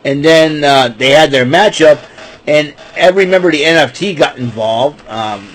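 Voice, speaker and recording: A man's voice: fairly high pitch, moderate pace, a bit bright. Rambling man recapping wrestling, upbeat. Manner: rambling, stumbles over names, laughs at his own jokes. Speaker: podcast host.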